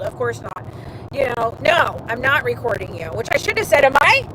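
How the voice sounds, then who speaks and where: A woman hosting a livestream who tells a story in a lively, animated way, acting out other people's lines and swearing freely as she goes. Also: fairly high pitch, normal speed. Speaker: show host. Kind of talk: casual chat on a livestream. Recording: noisy car interior.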